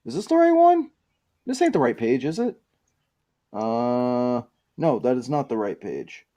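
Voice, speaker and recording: A man hosting a casual podcast, talking about his book in a rambling, profane, excitable way. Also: mid-range voice, a little slow. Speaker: podcast host and author. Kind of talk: casual chat.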